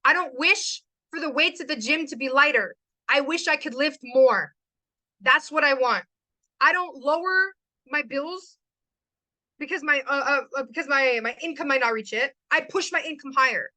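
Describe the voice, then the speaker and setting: A woman's voice: high-pitched, moderate pace, bright, forceful tone, no room sound, poor audio. A young woman hosting a motivational talk to a live chat, emphatic and given to repeating lines for stress. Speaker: host.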